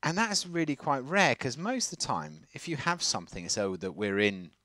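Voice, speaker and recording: A man with a slightly plummy southern English accent, co-hosting a casual countryside podcast, talking in an animated, rambling way. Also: mid-range voice, moderate pace, no echo. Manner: animated, rambling, laughs often. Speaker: podcast co-host. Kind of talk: casual chat.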